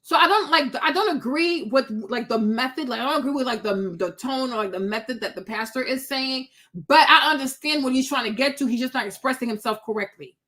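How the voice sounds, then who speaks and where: Blunt high-voiced woman ranting. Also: brisk, few pauses. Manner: blunt, animated, preachy ranting. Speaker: commentary host. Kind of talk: casual reaction commentary.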